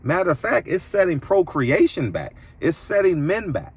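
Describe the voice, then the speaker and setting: A man delivering an opinionated commentary monologue as a boxing commentator, preachy and emphatic, his voice jumping higher when indignant. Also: huge pitch swings, normal speed, husky.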